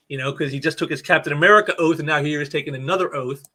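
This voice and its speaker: Male host, casual comic reviewer, bright slightly high voice, rambling delivery with repeated words. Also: rapid-fire, hardly any pauses. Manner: reads comic dialogue aloud in a lightly acted voice. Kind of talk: casual commentary reading comic panels.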